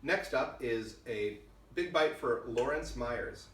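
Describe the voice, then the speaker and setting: A man's voice: medium pitch, lively intonation, slow pace, fairly bright tone. A man reading backer questions aloud in a casual, dry, matter-of-fact way. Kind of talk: casual chat. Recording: echoey room from far off, faint noise.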